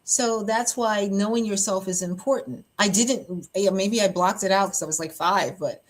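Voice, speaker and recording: A woman pastor hosting a podcast, telling a personal story in an open, animated way, often laughing and acting out what others said. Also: mid-range voice, moderate pace.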